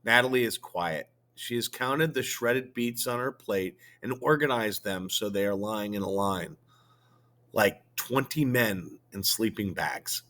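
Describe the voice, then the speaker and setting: A male teacher reading a novel aloud to his students, slowly and expressively, with filler words. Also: fairly low pitch, sharp tone.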